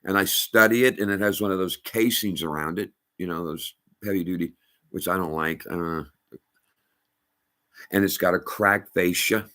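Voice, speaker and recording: A middle-aged man telling a personal story as testimony, halting and emphatic with many restarts. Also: sits low, pushed and bright. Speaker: storyteller addressing a rabbi.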